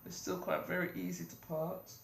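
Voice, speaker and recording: With a gravelly, lowish voice that barely changes pitch, a British woman with a cold rambles through a casual hair update vlog at a moderate pace, using many ums. It's a roomy home recording with slight background noise.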